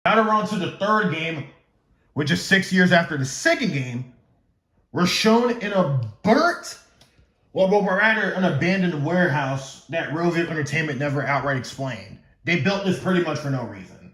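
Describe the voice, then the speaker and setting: A man's voice: on the high side, animated, moderate pace, a bit bright. Rambling young man in an echoey room. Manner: rambling, loses his script and stumbles, jokes to himself. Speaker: gaming YouTuber. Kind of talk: casual lore explainer.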